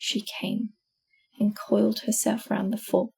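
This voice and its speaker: A woman with an Australian accent reading a children's storybook aloud, slow and gentle. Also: mid-range voice, little pitch movement, creaky, slightly rough. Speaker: audiobook reader. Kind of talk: storybook narration.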